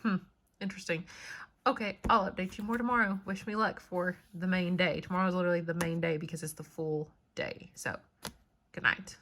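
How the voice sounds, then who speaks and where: A woman's voice: fairly low pitch, fairly even intonation, fairly quick, a bit bright, a little hiss or hum. Tired, chatty young woman book vlogger. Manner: chatty, self-deprecating, laughs lightly. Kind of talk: casual chat to camera.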